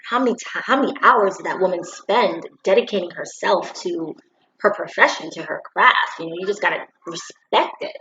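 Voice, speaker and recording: Woman, opinion vlog, preachy, animated, dull lo-fi sound, faint background noise. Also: medium pitch, roomy sound. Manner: preachy, animated, acts out quotes. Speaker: commentary vlogger.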